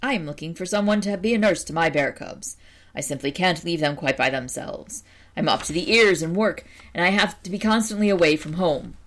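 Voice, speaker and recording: A woman voicing an overworked widowed father bear in a read-aloud storybook, speaking slowly and thoughtfully. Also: on the low side, lively intonation. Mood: weary. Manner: slow, considered.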